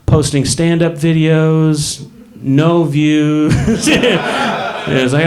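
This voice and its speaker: A man's voice: fairly high pitch, lively intonation, takes it slowly, a crowd in the background. A man in his late thirties doing a stand-up comedy set in a club, rambling and self-mocking, bursting into acted voices. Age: late 30s.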